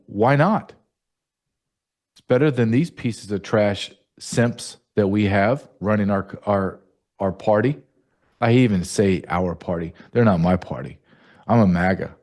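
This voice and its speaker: A man's voice: on the low side, a little mellow. A man hosting a political commentary show, combative and mocking, firing off rhetorical questions. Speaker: show host.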